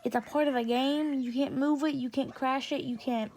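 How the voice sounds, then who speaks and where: Woman with a high voice telling a storytime tale, sassy, acts out what everyone said. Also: steady tone, normal speed, darkish tone, a little hiss or hum. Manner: sassy, acts out quoted comebacks. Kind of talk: casual storytime chat.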